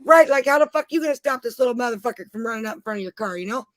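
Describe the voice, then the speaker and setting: A woman's voice: on the high side, animated, very fast, dry recording. A middle-aged woman, a mother, telling rambling, profane travel stories in casual chat.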